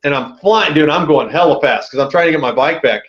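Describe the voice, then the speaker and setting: A man as a podcast guest telling a story in a casual, animated way, with a lot of slang. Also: a little high, brisk, reverberant, dull audio.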